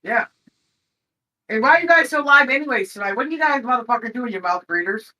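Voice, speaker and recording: A man co-hosting a livestream, loud and profane, often laughing as he talks. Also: very high-pitched, lively intonation, fast. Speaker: livestream co-host. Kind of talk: crude joking livestream banter.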